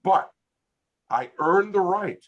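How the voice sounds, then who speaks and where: An older American man telling a funny story in a relaxed interview, animated and laughing as he goes. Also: high-pitched, slow, dull audio. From United States. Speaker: interview guest, hypnotist. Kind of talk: casual storytelling. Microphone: video call.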